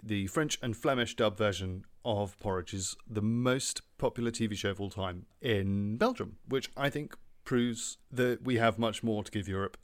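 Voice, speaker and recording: A man hosting a spoof arts review show, delivering it in a deadpan, mock-serious presenter tone. He drops in frequent ums and uhs as he goes. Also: on the low side, clear, resonant tone. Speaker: host. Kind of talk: deadpan comedy review chat.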